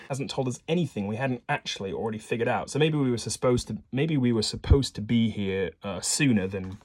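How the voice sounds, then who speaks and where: A man's voice: medium pitch, brisk, hardly any pauses, darkish tone, a little hiss or hum. Rambling man narrating a solo game. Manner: rambling, self-correcting, joking asides. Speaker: solo board game player. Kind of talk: casual gameplay narration and read-aloud.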